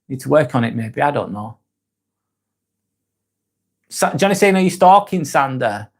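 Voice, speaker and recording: A man's voice: mid-range voice, very animated, normal speed. A man in his forties with a Northern English accent, hosting a live stream and reading out chat comments, joking and rambling with frequent restarts. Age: 40s.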